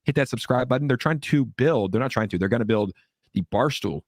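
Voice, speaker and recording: A young man co-hosting a casual livestream, animated and excitable, shouting out viewers as they join. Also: mid-range voice, a little fast, no echo, clean studio sound. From Southern California. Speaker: co-host of crypto livestream.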